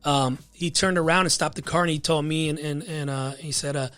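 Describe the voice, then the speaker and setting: A man's voice: fairly high pitch, fairly even intonation, fairly quick, fairly bright tone, soft background music. A man as a podcast guest, telling a personal story in a loose, casual way, full of fillers like "you know what I mean.". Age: adult with a wife and child.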